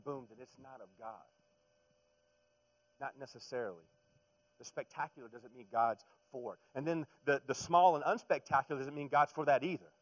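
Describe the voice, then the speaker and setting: A middle-aged man delivering a sermon in a mid-range voice. He talks conversationally, sinking to near-hushed lines and then climbing into loud, emphatic runs. He stumbles over and repeats his words as he presses his points. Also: medium pitch, poor audio. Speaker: pastor.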